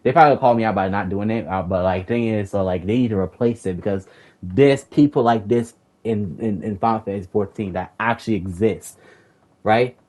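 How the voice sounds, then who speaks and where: Here the voice is lowish and darkish, moving fairly quickly, as a young gamer recounts a raid group dispute with another player. He's profane and rambling, repeating himself whenever he gets heated.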